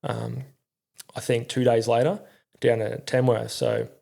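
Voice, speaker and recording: A man's voice: mid-range voice, little pitch movement, a little slow, creaky, dark tone, husky. A middle-aged Australian man telling his story in a candid, rambling way, swearing often and using slang. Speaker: podcast guest, former army crew commander.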